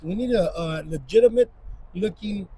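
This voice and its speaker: A man's voice: sits high, normal speed, dark tone, a little hiss or hum, low-quality recording. A man co-hosting a casual podcast with his brother at a plant nursery, joking loosely and talking over him. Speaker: podcast co-host. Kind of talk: casual chat. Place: plant nursery beside a shed. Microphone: small cheap mic.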